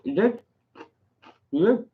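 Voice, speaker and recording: A man's voice: sits high, lively intonation, takes it slowly, slight background noise. A man co-hosting a casual live-stream chat, reading out viewer comments over a dull, lo-fi recording. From England. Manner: chatty, reads out comments. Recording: dull lo-fi sound.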